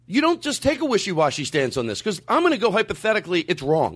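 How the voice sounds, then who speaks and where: A man ranting in a heated conversation, emphatic and argumentative, sometimes rising to near-shouting. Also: sits high, very animated, fast, hardly any pauses, slightly rough.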